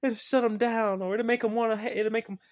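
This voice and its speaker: A spiritual video creator delivering an impassioned, profane rant to the camera. The delivery swings from low muttering to shouting. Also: fairly even intonation, quick pace.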